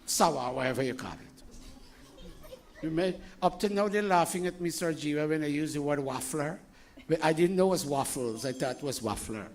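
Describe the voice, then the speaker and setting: An older man delivers a loose, chatty sermon to his congregation. His voice sits a little high, and he swings between teasing questions and sharp, scolding bursts. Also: brisk. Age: 60s. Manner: animated, scolding, jokey asides, rhetorical questions. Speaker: spiritual teacher.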